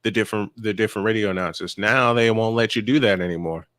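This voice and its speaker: A man from Chicago with a fairly low voice, telling sports stories in an emphatic, opinionated way. His voice is recorded close and dry, with no room sound. He chats like a regular host of the show. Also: fairly even intonation, fast, a bit bright, no room sound. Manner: emphatic, tells stories with lots of affirming fillers. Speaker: podcast co-host. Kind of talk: casual sports chat.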